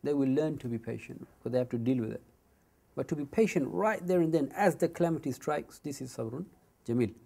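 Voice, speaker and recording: A man giving a Quran commentary lesson, reciting Arabic verses quickly and then explaining them in English with frequent asides. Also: medium pitch, creaky, mellow, husky.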